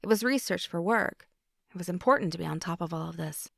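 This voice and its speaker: A woman's voice: on the low side, quick pace, vocal fry, dry recording, clean studio sound. A woman narrating a first-person romance audiobook in an intimate way, sometimes dropping to a whisper.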